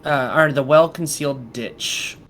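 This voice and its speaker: A man's voice: a little high, a little slow, a bit bright, a little hiss or hum. A man playing a tabletop game, joking playfully as a player. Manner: playful, jokey. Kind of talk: casual tabletop play.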